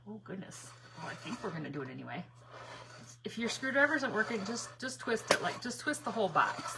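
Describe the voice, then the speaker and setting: A woman's voice: medium pitch, lively intonation, brisk, creaky, noisy background. A middle-aged woman hosting a live crafting stream, chatting bubbly with viewers, rambling and laughing often. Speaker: craft livestream host.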